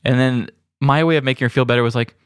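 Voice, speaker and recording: A man co-hosting a podcast, telling a story in a wry, deadpan way. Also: mid-range voice, quick pace, clear, resonant tone, dry recording, studio quality. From grew up on a farm. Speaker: podcast co-host. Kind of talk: casual storytelling chat.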